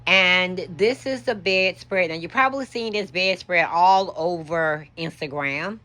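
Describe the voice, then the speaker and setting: A woman's voice: on the low side, a little slow, bright, forceful tone. A woman giving a chatty show-and-tell walkthrough of her decorated bedroom, explaining things as she points them out. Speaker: home decor vlogger.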